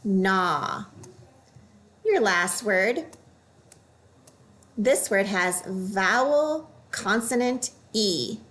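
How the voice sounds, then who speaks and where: A woman teaching a reading lesson for young children, speaking at an unhurried pace. Her voice sits at a medium pitch, and she models each word carefully and clearly. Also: fairly bright tone.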